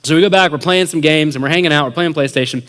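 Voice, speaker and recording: A young adults pastor telling a story in a sermon, animated and acting out what people said, with many casual fillers. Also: male voice, on the high side, rapid-fire. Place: church hall. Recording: long reverb of a large hall.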